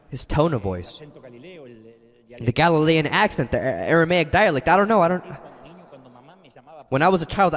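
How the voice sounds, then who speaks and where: Animated male pastor, high voice, dramatic sermon storytelling, big hall reverb. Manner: dramatic storytelling, shifts between loud and hushed.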